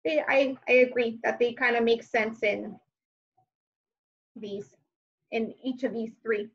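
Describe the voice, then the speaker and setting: A woman teacher walking young children through homework, thinking aloud with gentle hums and fillers. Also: on the high side, fairly even intonation, measured pace, slightly rough, lo-fi sound.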